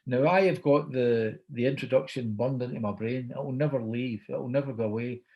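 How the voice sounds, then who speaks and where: A middle-aged Scottish man, a guest storyteller, chats his way through an anecdote and quotes people in dialogue as he goes. His voice sits at medium pitch and moves a little fast, with a lo-fi sound.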